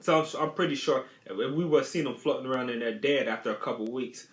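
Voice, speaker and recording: A man's voice: mid-range voice, fairly quick. Rambling man telling a childhood story. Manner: rambling, repeats phrases, many restarts. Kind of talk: casual storytelling. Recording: roomy echo.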